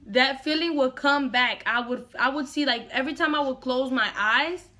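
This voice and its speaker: A woman's voice: high voice, moderate pace, pushed and bright. A young woman vlogger dramatically retelling a personal story to camera, repeating lines for effect.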